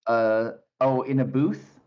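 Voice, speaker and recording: Man running a tabletop game, halting. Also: mid-range voice, muffled recording. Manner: relaxed, halting, many fillers. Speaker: game master.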